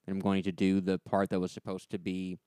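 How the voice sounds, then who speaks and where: Soft-spoken man with a smooth lowish voice. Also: completely flat delivery, a little fast, no echo, clean studio sound. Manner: rambling, filler-heavy with many "like"s. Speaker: podcast co-host. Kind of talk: casual chat.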